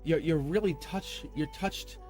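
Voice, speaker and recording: A man giving an emotional tarot reading to viewers, talking in an excitable, emphatic way, often laughing and repeating himself. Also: fairly high pitch, a little slow. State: emotional, near tears. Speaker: tarot reader. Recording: soft music playing behind.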